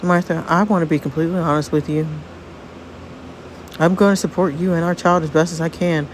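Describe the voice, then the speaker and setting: A woman's voice: lowish voice, steady tone, a little fast, a little hiss or hum, natural voice, poor audio. A woman voicing a teenage boy who is anxious and blames himself over becoming a father. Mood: serious. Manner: distressed, self-blaming.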